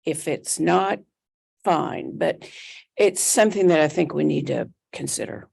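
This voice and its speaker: A woman's voice: deep voice, animated, measured pace, vocal fry, a little mellow, breathy edge. A woman giving public comment at a school board meeting, speaking in a conversational, somewhat hesitant way.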